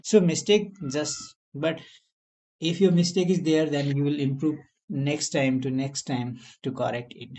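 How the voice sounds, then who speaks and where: A man's voice: on the high side, steady tone, a little slow, dark tone. A man with an Indian accent, speaking English as a second language in a casual chat, earnest and encouraging, with non-native grammar. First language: not English.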